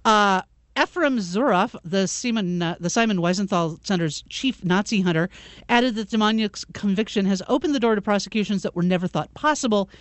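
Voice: medium pitch, a little fast, no room sound. A talk radio co-host reads news stories in a plain, matter-of-fact way, dropping dry asides between quotes. The voice sits close and dry to the mic.

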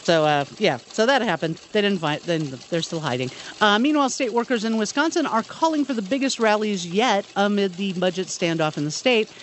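A man's voice: high voice, brisk, few pauses, fairly bright tone, a little hiss or hum. A man hosting a radio show, reading news stories and joking along with his co-host. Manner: reads headlines, then jokes along.

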